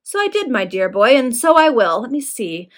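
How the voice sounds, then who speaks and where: A woman's voice: a little high, big pitch swings, moderate pace, voice pushed up. A woman reading the part of a boastful young lord who talks in a hearty, blustering way.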